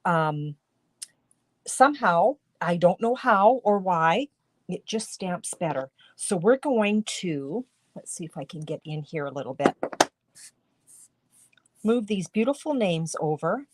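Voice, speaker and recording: Slow, chatty woman crafting. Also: fairly low pitch, animated, no echo. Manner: chatty, talks viewers through each step. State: throat tickle, coughing now and then. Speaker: card-making demonstrator. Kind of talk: live-stream craft demonstration. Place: home craft studio.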